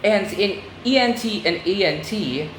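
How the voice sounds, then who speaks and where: Slow, deliberate woman teaching in an echoey room. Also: mid-range voice, expressive, slight background noise. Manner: slow, deliberate, repeats words for students. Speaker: Spanish teacher. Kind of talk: oral recitation lesson. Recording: echoey room with faint ambience.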